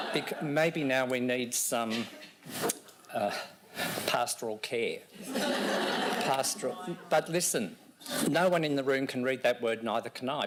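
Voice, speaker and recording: A man's voice: mid-range voice, a little hiss or hum. Teasing man lecturing. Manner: teasing, jokes with the audience. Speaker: education consultant presenting at a symposium. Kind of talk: conference talk. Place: lecture room with an audience.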